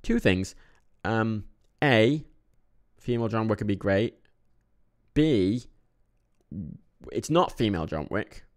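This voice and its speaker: A young man casually reviewing films, rambling, swearing often, with sudden animated bursts and a tired edge. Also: fairly low pitch, slow. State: a bit tired. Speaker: film reviewer. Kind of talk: casual monthly movie review vlog.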